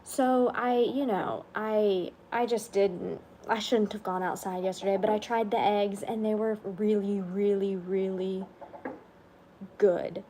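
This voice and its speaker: Slow-paced and feeling unwell, a woman chats on her livestream in a medium-pitched voice with fairly even intonation. She's tired, so she yawns, wanders from topic to topic, and murmurs softly now and then, over a faint hiss or hum.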